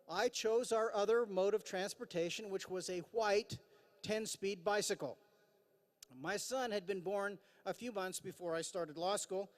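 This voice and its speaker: A man in his fifties giving a formal commencement address from a podium. He talks earnestly with dry self-deprecating humor and frequent "uh" fillers. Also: sits high. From Idaho, USA. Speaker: commencement speaker. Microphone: podium microphone. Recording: long hall reverb.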